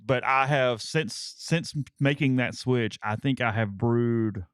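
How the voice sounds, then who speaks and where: A man co-hosting a casual sports talk show, conversational, with halting restarts. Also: mid-range voice, clear, resonant tone, no echo, studio quality. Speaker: co-host.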